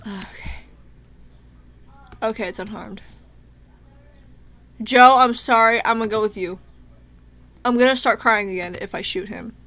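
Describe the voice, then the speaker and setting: A young woman narrates her own gameplay in a let's play, chatting to herself emotionally, so shaken she's on the verge of tears. Her mid-range voice is fairly bright, a little slow, with long pauses.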